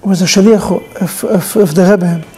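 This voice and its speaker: A man's voice: high-pitched, fairly even intonation, unhurried, warm tone, slight background noise, rough recording. A male rabbi giving a sermon in non-native English, animatedly telling a story and acting out its dialogue.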